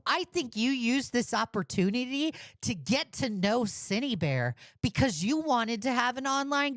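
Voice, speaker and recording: A woman's voice: mid-range voice, no room sound, studio quality. A woman commentator ranting scathingly about another creator, mocking and blunt. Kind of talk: reaction commentary.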